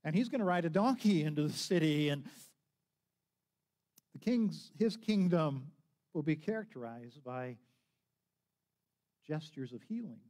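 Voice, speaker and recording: A male pastor preaches in a loose, storytelling way, often restarting his sentences. His pitch sits a bit high for a man and swings widely as he acts out each moment. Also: a little mellow. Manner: conversational storytelling with restarts and acted quotes. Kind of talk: sermon.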